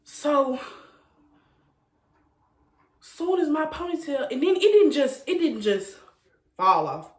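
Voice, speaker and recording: Brief: slow, drawling woman storyteller, lively and laughing, in an echoey room. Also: sits high. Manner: animated, laughing, repeats phrases for effect. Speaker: storytime vlogger. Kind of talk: casual storytelling.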